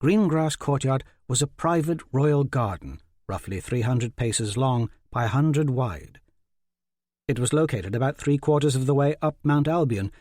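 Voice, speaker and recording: A man narrating a fantasy audiobook in a measured, even way. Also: medium pitch, no echo, studio quality.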